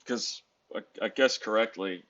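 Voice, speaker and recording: A man's voice: lowish voice, unhurried, fairly bright tone, muffled recording. A tired man from the United States talking casually in a rambling, self-correcting, wry way from a hotel room. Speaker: vlogger. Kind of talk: casual vlog monologue.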